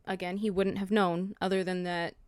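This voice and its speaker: A woman's voice: fairly low pitch, little pitch movement, moderate pace, clear, resonant tone, no room sound. A woman co-hosting a faith podcast who reads scripture aloud and retells it in casual slang. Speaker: podcast co-host. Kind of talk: casual chat retelling a Bible story.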